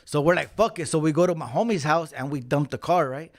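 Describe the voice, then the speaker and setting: Gravelly man storytelling. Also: fairly high pitch, quick pace. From Los Angeles County. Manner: slangy, swearing, animated when acting out quotes. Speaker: podcast guest. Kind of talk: casual storytelling.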